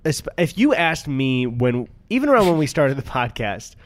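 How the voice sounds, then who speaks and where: A man's voice: mid-range voice, very animated, normal speed. A man in his twenties, co-hosting a podcast, chatting casually and telling stories with frequent laughter and swearing. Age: 20s. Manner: storytelling, laughs often, swearing. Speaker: podcast co-host. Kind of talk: casual chat.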